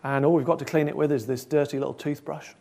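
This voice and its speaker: A man's voice: on the high side, steady tone, fast talker, gravelly, mellow. A man voicing a stern prison guard who speaks bluntly and matter-of-factly.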